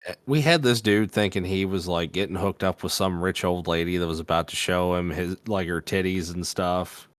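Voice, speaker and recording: A man with a fairly low voice, recorded dry and close, chatting loosely on a podcast. He tells his story in a relaxed, rambling way, full of fillers and casual swearing. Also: normal speed, no echo. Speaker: podcast co-host.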